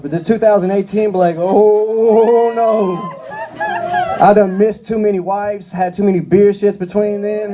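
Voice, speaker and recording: A man's voice: high voice, noisy background. A man performing stand-up comedy, telling crude, rambling stories. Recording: live comedy club crowd.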